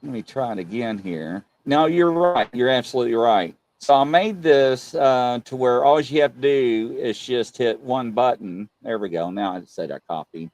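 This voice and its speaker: A man's voice: medium pitch, moderate pace, hardly any pauses, a little mellow, no echo. A man with a Birmingham accent hosting a casual livestream chat, rambling and repeating himself often. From England. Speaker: host.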